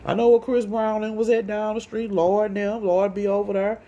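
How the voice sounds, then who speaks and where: A woman telling a rambling personal story in a casual monologue, profane and animated, often acting out what others said. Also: mid-range voice, normal speed, lo-fi sound.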